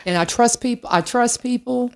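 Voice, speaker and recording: Animated woman radio co-host. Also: on the high side, moderate pace, vocal fry. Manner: animated, self-deprecating storytelling; speaks straight to listeners. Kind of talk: casual chat.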